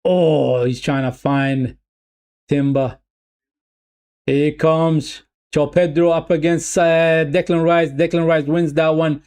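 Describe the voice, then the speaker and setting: A man's voice: on the high side, slow, clear, resonant tone. A man streaming a live football watch-along, calling the play loosely, repeating lines and talking straight to his viewers. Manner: excitable, talks to viewers as "people".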